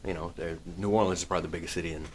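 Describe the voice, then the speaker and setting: A man from Texas, a guest in a radio studio, talking in a relaxed, rambling way and often restarting his sentences. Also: sits low, very fast, a little hiss or hum. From Texas, USA. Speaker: guest actor. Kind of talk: casual studio interview.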